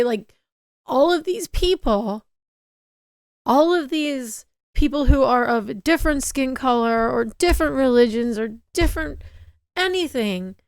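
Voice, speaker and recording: A woman's voice: a little high, clear, resonant tone, no echo, clean studio sound. A woman co-hosting a casual podcast chat, talking in an impassioned, heated way, swearing and stammering. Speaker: podcast co-host.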